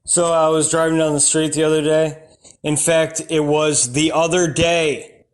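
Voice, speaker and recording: A man doing rambling, absurd stand-up comedy in a deadpan way, breaking into sudden shouted outbursts. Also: on the high side, a little slow.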